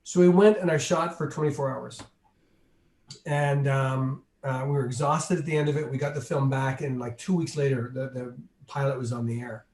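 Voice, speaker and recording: A man, a guest in an interview, telling a long behind-the-scenes anecdote with lively energy and acting out the voices of the people in it. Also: mid-range voice, normal speed. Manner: animated, acts out the people in his story. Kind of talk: anecdotal storytelling. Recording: roomy echo.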